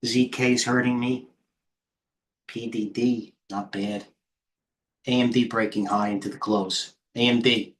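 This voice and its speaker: A middle-aged man hosting a live trading stream, tired, rambling off the cuff as he jumps between stock tickers. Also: mid-range voice. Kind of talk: live market commentary.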